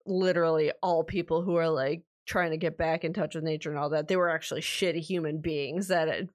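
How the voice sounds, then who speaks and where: A young woman co-hosting a podcast, talking casually and excitably with lots of fillers and swearing. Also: deep voice, fairly quick. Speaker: podcast co-host. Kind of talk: casual chat.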